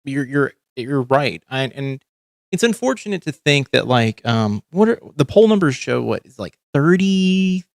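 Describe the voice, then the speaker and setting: On a livestream recorded as clean studio sound with no echo, a man chats about politics in a medium-pitched, sing-song voice with vocal fry, speaking a little slowly. His talk is rambling and profane, full of fillers and restarts.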